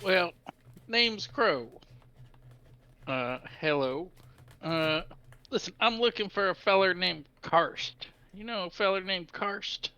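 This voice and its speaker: A man's voice: high voice, slow, long pauses, bright, forceful tone, smooth, full character voice. A man voicing a folksy, laid-back male adventurer in a tabletop game, with a casual drawl. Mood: easygoing. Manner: folksy drawl, says "feller". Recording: dull, lo-fi mic.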